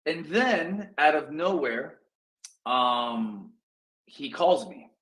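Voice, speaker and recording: A man coaching real estate students in a casual talk, acting out phone calls in quick asides. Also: fairly high pitch, animated, a bit bright, poor audio.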